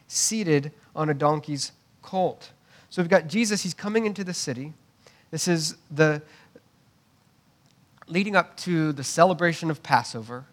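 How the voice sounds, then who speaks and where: Man, pastor, conversational sermon, fairly high pitch, repeats words. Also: fairly bright tone. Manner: conversational preaching with asides and tag questions; repeats words when restarting.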